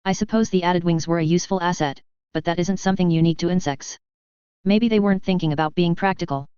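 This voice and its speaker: A woman reading a cold, calculating male alien commander who muses out loud in a cool tone. The voice is low and smooth, and the sound is dull and dry. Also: quick pace, dry recording, lightly acted. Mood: musing. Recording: dull, muffled dry recording.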